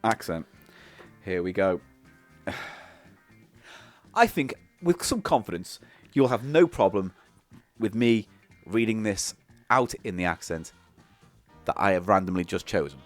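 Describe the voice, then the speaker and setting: A man's voice: lowish voice, expressive, soft background music. A man co-hosting a comedy podcast in casual banter, teasing and bossing his co-host and laughing easily. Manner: teasing, bossy, quick to laugh.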